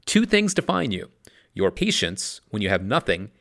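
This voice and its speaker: A man's voice: lowish voice, very animated, normal speed, vocal fry, fairly bright tone. Upbeat chatty podcast host man. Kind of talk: casual motivational talk.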